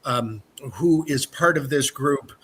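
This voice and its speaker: A man's voice: mid-range voice, takes it slowly, fairly bright tone, breathy edge. A man from the American Midwest presenting a cruise line in an upbeat sales style, with fillers. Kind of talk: presentation to an online audience.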